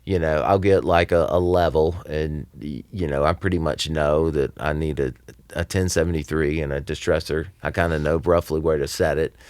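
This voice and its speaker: A man's voice: rumbling low, steady tone, moderate pace, a little mellow, clear, resonant tone, dry recording. A man, a recording engineer and producer, talking loosely in a casual podcast interview, with lots of fillers and restarts.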